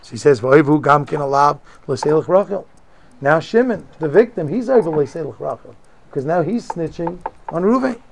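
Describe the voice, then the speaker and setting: A man's voice: fairly high pitch, fairly bright tone. A man teaching a religious text, reading Hebrew phrases and explaining each one in casual English. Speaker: Torah teacher. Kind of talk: Talmudic-style lesson, reading and translating.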